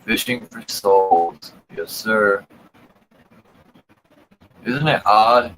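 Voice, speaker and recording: Male channel host, low-pitched, unhurried, amused slangy musing over maps. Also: slight background noise, rough recording. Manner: relaxed, amused, slangy asides. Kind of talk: casual commentary while browsing old maps.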